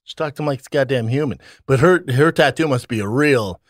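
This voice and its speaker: A man co-hosting a podcast, telling anecdotes in a lively way, laughing and swearing often. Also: mid-range voice, quick pace, no room sound, studio quality. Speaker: podcast co-host. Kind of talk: casual chat.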